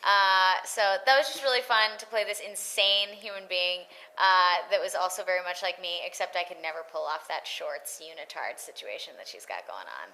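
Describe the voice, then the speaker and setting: Woman, thirties, voice actress guest, casual chat, animated, bright tone. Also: lowish voice, moderate pace, few pauses, rough recording. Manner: animated, acts out quoted lines.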